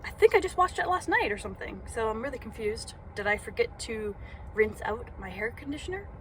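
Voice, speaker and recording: A woman's voice: on the high side, expressive, a little fast, a little hiss or hum. A young woman vlogging from inside a parked car, rambling and self-conscious with lots of fillers, talking into her phone. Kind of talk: casual vlog monologue.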